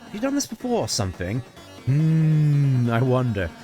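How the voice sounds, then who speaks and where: A man voicing a gentle, shy young goat prince in a video game, speaking softly and politely with hesitant little ums. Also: medium pitch, huge pitch swings, moderate pace, faint music behind. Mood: encouraging. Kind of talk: video game voice-over reading.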